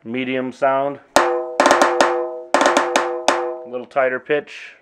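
A middle-aged man casually walking through his old drum machine sounds, talking in a relaxed, halting way with frequent pauses. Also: mid-range voice, loud music behind the voice. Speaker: drummer demonstrating gear. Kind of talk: casual demo walkthrough.

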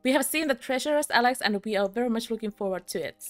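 Soft music plays behind a young British woman commenting live on the game she's streaming. Her voice is on the high side and quick, and she's chatty and giggly, often making fun of herself for her viewers.

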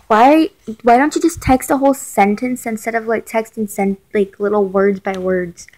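A woman's voice: a little high, fairly even intonation, normal speed, a little mellow, rough recording. A woman reading a chat story who stops to comment and talks casually to her viewers, often saying "like.". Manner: chatty, filler-heavy, talks to viewers.

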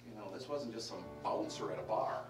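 A man preaching a Bible study sermon, lively and emphatic, asking the congregation questions and restarting his sentences. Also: on the low side, a little fast, over music. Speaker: pastor teaching a Bible study. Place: church hall. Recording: roomy live-stream audio from a distance.

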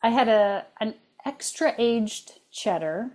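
A woman's voice: a little high, expressive, takes it slowly, darkish tone. A middle-aged woman co-hosting a cooking podcast, chatting casually with rambling asides and frequent laughs. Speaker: podcast co-host.

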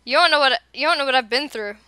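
A woman's voice: sits high, fast talker, sharp tone, no echo. A young adult woman hosting a casual gaming session with friends, playful and giggly as she talks over a voice call. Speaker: channel host and gamer.

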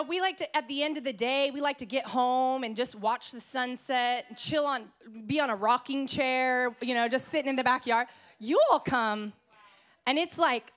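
A woman pastor from Idaho preaching a sermon in church, telling stories in a playful, lively way. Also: sits high.

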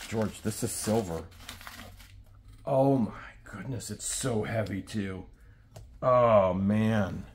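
Brief: man, lowish voice, unhurried delivery, excitable treasure hunter, noisy take. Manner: excitable, keeps exclaiming in wonder. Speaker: treasure hunting vlogger. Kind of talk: casual unboxing commentary.

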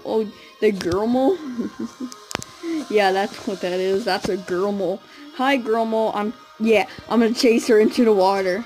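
A young woman giving casual, excitable commentary while playing a video game, often squealing and giggling. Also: mid-range voice, measured pace, soft background music, poor audio. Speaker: gamer.

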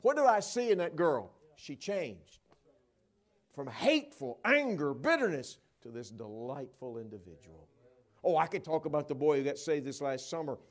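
Animated preaching man, hushed to loud. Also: on the high side, normal speed. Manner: swings from hushed to loud and excited, acts out quoted voices. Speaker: traveling evangelist preacher. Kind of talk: sermon with storytelling. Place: church sanctuary at a conference. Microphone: wearing a microphone.

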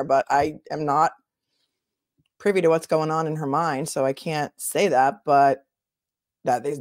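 A woman's voice: sits low, darkish tone, no room sound, studio quality. A woman attorney hosting a casual livestream, chatting and answering viewer comments as she thinks aloud.

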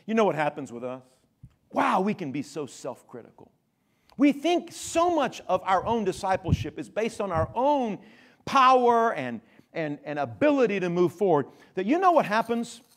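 A man preaching with a high, lively voice that swoops up and down as he stresses key words. He slows right down to lean on a phrase, then turns to chatty asides with the congregation. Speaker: pastor. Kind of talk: sermon.

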